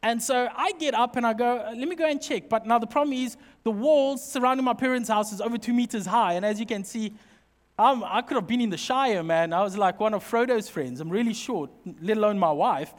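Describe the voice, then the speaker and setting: A middle-aged man preaching a sermon, telling funny personal stories in an animated, joking way. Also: high voice, a little fast. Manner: humorous, animated storytelling. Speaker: pastor. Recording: long reverb of a hall.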